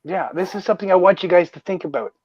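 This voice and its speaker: Male streamer, high-pitched and passionate, swears a lot; dull, dry mic sound. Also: quick pace, no room sound. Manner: excited, swears often, many restarts. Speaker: stream host. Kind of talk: casual livestream chat.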